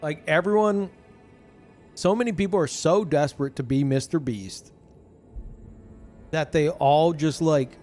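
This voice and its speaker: A young man streaming a video game, ranting casually with lots of swearing and filler words. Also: medium pitch. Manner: profane, animated, lots of fillers. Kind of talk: casual live-stream rant while gaming.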